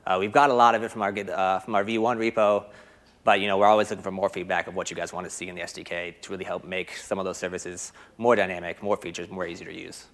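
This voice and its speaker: A man with an American accent giving a fast, filler-laden technical conference talk while demoing code. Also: low voice, little pitch movement, a bit bright. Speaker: conference presenter. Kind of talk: live coding demo talk.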